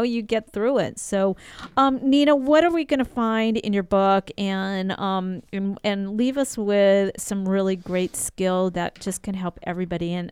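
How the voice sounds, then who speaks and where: A talk show host in her forties chats with a guest. She talks casually and fills her speech with "you know" and quick interjections. Her voice is very clear and close to a dry mic. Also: medium pitch, no echo. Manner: chatty, many fillers, warm interjections.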